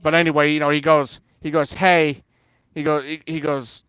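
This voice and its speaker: A man's voice: on the high side, flat delivery, normal speed, fairly bright tone, clean tone, no echo, highs cut off. Rambling, cursing man telling a story. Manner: rambling, swears often, many fillers like "and everything". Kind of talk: casual storytelling on an open voice panel.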